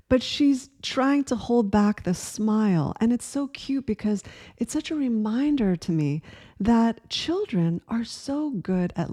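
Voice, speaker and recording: A woman in her forties giving a gentle, earnest spiritual talk that often asks the listener questions. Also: medium pitch. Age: 40s. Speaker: spiritual teacher. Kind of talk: reflective spiritual talk to camera.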